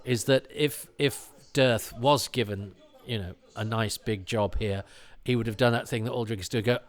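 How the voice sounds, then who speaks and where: A man's voice: medium pitch, steady tone, normal speed. A man hosting a commentary podcast, chatting in a rambling way with many restarts and asides. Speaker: podcast host.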